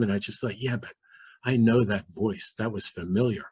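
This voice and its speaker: A man's voice: on the low side, moderate pace, a little mellow, husky, dry recording. A man earnestly recounting a personal story, vividly acting out his own inner thoughts as he goes. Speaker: guest. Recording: dull, dry lo-fi recording.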